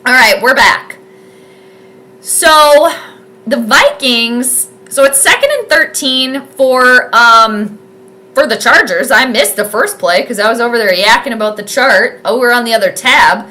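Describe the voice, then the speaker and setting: A woman streamer talks her way through a live football game in a casual, excitable, rambling manner. Her voice sits high and sounds bright and forceful, with plenty of fillers. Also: measured pace. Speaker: sports streamer doing live game commentary.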